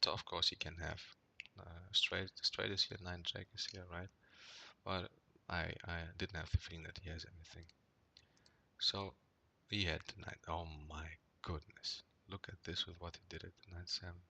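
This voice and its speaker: Low gravelly man rambling through poker hands. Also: flat delivery, normal speed, pushed and bright. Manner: rambling, frequent "right?" tags and fillers; gets worked up and swears when annoyed. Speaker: poker player reviewing his hands. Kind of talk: casual commentary over gameplay.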